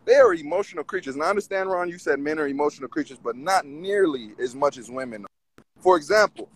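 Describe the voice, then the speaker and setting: A man calling in to a talk show, arguing his side in an animated way and often repeating himself. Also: a little high, fast talker, creaky, breathy edge, rough recording. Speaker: caller. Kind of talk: casual call-in debate.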